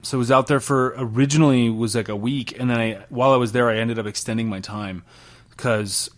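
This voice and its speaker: A man's voice: medium pitch, brisk. A man in his thirties from Utah, a chef telling stories casually in an interview, with lots of fillers and the odd swear. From Salt Lake City, Utah. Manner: relaxed storytelling, many fillers, laughs and swears. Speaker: chef, podcast guest.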